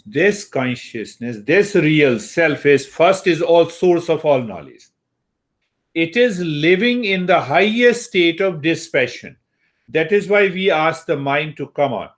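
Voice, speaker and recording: A man teaching meditation slowly and calmly, with long pauses and Sanskrit terms. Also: fairly high pitch. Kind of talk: spiritual teaching talk.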